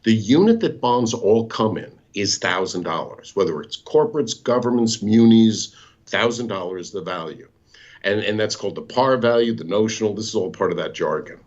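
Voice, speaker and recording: A man guiding listeners through charts on a live show, patient and teacherly. His voice is slightly husky and moves up and down a lot. The call audio sounds dull and lo-fi. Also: on the low side, animated, moderate pace, darkish tone. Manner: patient, teacherly, explains step by step. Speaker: guest bond market expert. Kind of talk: explaining charts in a live talk.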